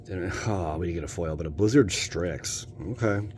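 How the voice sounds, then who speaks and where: A man's voice: low-pitched, moderate pace, a little mellow, a little hiss or hum. An American man hosting a casual pack-opening video, joking and talking straight to his viewers. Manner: playful, jokey, talks to viewers. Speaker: channel host opening card packs.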